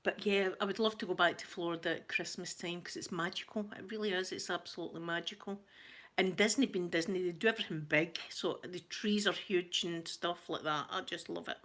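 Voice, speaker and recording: A woman's voice: lowish voice, fairly even intonation, brisk, fairly bright tone. A middle-aged Scottish woman hosting a casual live chat for her channel, chatty and self-deprecating, often laughing. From Scotland. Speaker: ASMR channel host.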